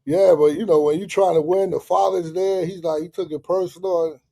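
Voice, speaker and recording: A fairly high-pitched man with a husky, mellow tone. He hosts a live boxing chat, swearing freely and spinning animated stories with plenty of fillers and restarts. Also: a little fast. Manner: animated, profane storytelling with many fillers. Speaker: live show host. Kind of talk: casual storytelling chat.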